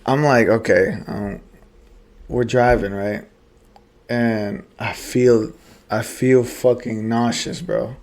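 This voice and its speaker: A young man co-hosting a podcast, telling a story in casual chat, animated and swearing, laughing often. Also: mid-range voice, slow. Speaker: podcast co-host.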